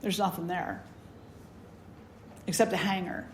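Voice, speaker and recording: A woman spiritual teacher telling a personal story in a conversational, animated way, full of "you know"s. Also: on the low side, measured pace, very noisy. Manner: conversational, animated, many fillers. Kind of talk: storytelling talk.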